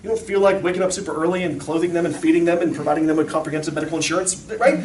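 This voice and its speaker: A man in his thirties gives a casual, animated talk to an audience of parents, full of fillers and quick stories. His voice sits high for a man. It's captured from a distance in a reverberant hall with a faint hum of room noise behind him. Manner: storytelling, animated, lots of fillers.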